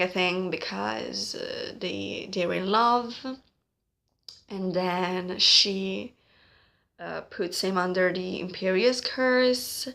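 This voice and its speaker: Slow, hesitant low-voiced woman. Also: gravelly, fairly bright tone. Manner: hesitant, searching for words, many fillers; frustrated, critical. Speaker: vlogger. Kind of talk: casual opinion vlog.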